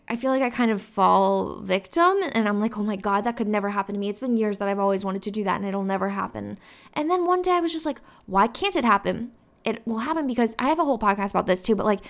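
A woman in her twenties hosting her own podcast, rambling in a casual, upbeat way with lots of fillers. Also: on the high side. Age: 20s. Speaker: podcast host. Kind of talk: casual solo podcast talk.

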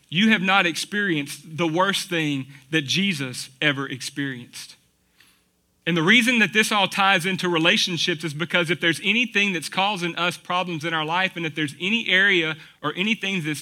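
A man's voice: high voice, moderate pace, sharp tone. A man preaching a sermon in a conversational, folksy way, asking the congregation rhetorical questions. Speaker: pastor.

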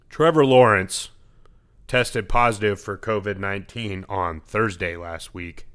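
A man's voice: on the low side, a bit bright, clean tone. A man co-hosting a sports podcast, talking news in a laid-back, blunt way. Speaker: podcast co-host. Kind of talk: casual sports chat.

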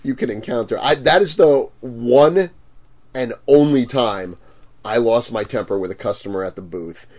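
A man's voice: mid-range voice, moderate pace. A man in casual conversation, retelling a run-in with a customer. He throws himself into the quoted lines, swears without hesitation and breaks into laughter as he talks. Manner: animated, acts out quotes, swears, laughs often. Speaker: convention vendor telling a story. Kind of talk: casual storytelling chat.

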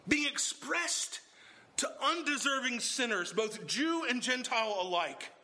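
Speaking at a measured pace, a man gives an emphatic expository sermon. His delivery shifts from a low, level calm to sharp bursts of exclamation.

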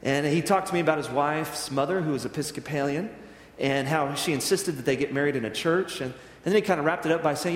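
A male minister preaching a sermon, his fairly high voice ringing through a roomy sanctuary. He tells the story with animation and acts out the dialogue. A long reverb trails every phrase. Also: a little fast. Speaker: Presbyterian minister. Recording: echoey church hall with long reverb.

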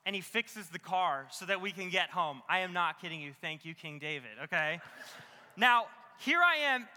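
A young male pastor gives his sermon in a large room, and his voice trails off into a long reverb. He sounds very bright and sits high in pitch. He talks loosely and animatedly, mocks himself, and fills his stories with casual fillers. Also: normal speed. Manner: animated, self-mocking, many "like" fillers. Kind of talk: sermon with comic storytelling.

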